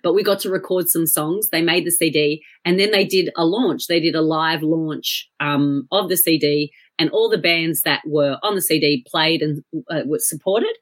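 A woman's voice: deep voice, normal speed, few pauses. A woman with an Australian accent, a podcast guest telling stories in casual chat, full of fillers and restarts. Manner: chatty storyteller with frequent fillers and restarts. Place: at home.

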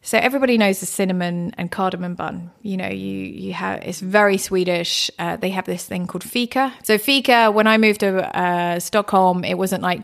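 A woman chatting as a guest in an interview, telling stories about food and places in a lively, conversational way. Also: medium pitch, fairly quick, creaky, hardly any pauses. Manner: chatty, warm storytelling with laughs. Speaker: guest, cook. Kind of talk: casual interview chat.

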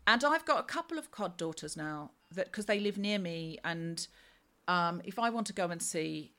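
A middle-aged woman chatting as a guest, telling rambling, lively stories in a casual conversation. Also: lowish voice, normal speed. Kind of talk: casual chat.

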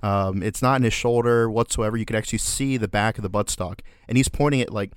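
A man's voice: fairly low pitch, steady tone, fast talker, clear, resonant tone, dry recording, clean studio sound. A man from Florida, a podcast co-host in casual chat, laughing often and swearing through playful banter.

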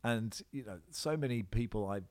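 In a casual interview recorded at home in Australia, a football presenter rambles animatedly, with many restarts and fillers. His voice sits on the low side, at a moderate pace.

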